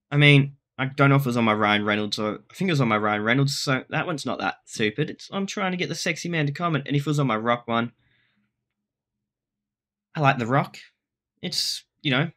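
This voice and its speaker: An Australian YouTuber rambles through casual vlog commentary, poking fun at himself and often restarting sentences. His voice sits at a medium pitch and sounds pushed and bright.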